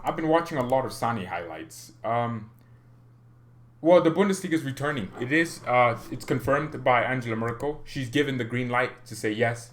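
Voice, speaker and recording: A man hosting a casual livestream chat in a mid-range voice. He talks loosely and animatedly, often laughing, and his pitch leaps up whenever he gets worked up. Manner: animated, chatty, laughs often, pitch jumps when excited. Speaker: fan channel host on a livestream.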